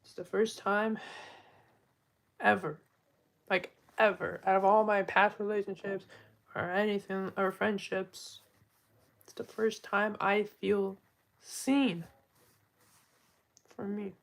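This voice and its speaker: Woman live streaming, just chatting, soft and heartfelt, lots of fry, keeps trailing off and starting over. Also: medium pitch, little pitch movement, slow, long pauses, rough recording. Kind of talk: casual live stream monologue.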